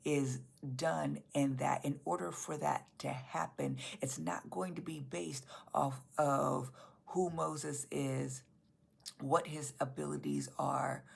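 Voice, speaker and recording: A woman's voice: low voice, gravelly, slightly rough. A woman pastor preaching a sermon to her church in an earnest, emphatic way, repeating key phrases.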